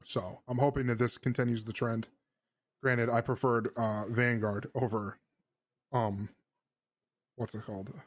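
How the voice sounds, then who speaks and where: A man's voice: medium pitch, little pitch movement, unhurried, pauses often, no echo. A man hosting a casual gaming podcast, rambling and laughing at himself. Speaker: podcast host. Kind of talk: casual chat.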